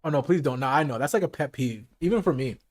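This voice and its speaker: A livestreamer with a mid-range voice talks fast, chatting in slang while eating during a casual just-chatting stream. The audio comes through a streaming mic with a noise gate and filters.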